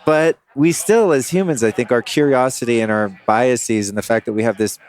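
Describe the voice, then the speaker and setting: A man's voice: medium pitch, moderate pace, a little mellow. A man hosting a podcast, musing aloud in casual conversation and searching for his words. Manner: musing, searching for words, laughs between thoughts. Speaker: podcast host.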